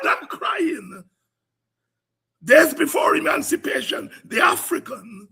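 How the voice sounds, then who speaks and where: A Guyanese man hosting a political commentary program, speaking in an impassioned, preaching cadence that rises to cries and shouts. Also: high voice, vocal fry, breathy edge.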